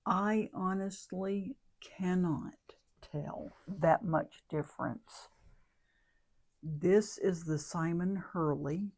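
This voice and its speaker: Unhurried woman crafter, low pitch, thinks out loud and corrects herself mid-sentence. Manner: rambling, thinks aloud, self-correcting. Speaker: craft vlogger. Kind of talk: casual crafting demo chat.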